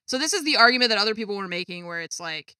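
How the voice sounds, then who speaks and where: A woman streamer talks casually to her viewers from her gaming desk at home, exasperated and swearing freely. Her voice is bright and forward, at a middle pitch, and the sound is dry and close with no room in it. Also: animated, racing, smooth, dry recording. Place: home gaming setup with a cat.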